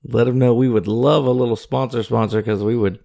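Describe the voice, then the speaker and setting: A man co-hosting a casual podcast, joking and promoting the show in a loose, drawn-out way at a desk microphone. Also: medium pitch, steady tone, creaky, mellow. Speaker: podcast co-host. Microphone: studio microphone at a desk.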